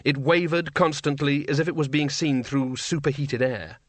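A man reading a novel aloud in a measured, wry audiobook narration, close to a studio mic. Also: a little high, no room sound.

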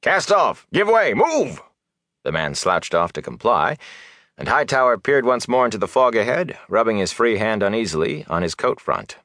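A man narrates a fantasy novel in a measured, steady manner. His voice sits very low. The recording is dry, with no room sound. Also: no echo. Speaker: audiobook narrator.

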